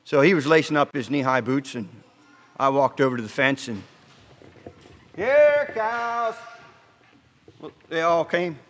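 A male pastor delivering a casual, story-driven sermon at an even, middling pitch. He pauses, restarts phrases and drops his pace to land a point. His voice rings out with a long reverb tail, like a church sanctuary. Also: slight background noise. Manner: conversational storytelling with rhetorical questions; halting restarts, slows for emphasis.

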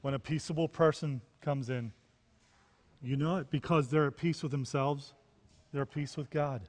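A man's voice: fairly high pitch, fairly even intonation, moderate pace, big-room sound. A man preaching a sermon, repeating key phrases and rising into emphatic questions. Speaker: pastor.

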